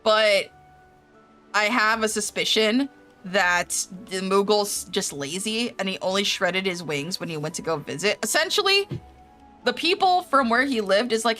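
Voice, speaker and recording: A woman's voice: medium pitch, lively intonation, normal speed, sharp tone, faint music behind. A young adult woman streaming a game, recapping its story in casual chat, swearing freely and laughing often.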